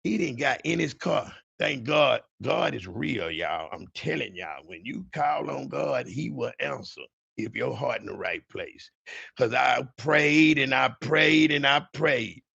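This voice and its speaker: A man hosting a podcast, telling a story in an animated, profane way and talking to his listeners directly. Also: mid-range voice, measured pace, creaky, breathy edge, muffled recording. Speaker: podcast host. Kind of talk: dramatic storytelling.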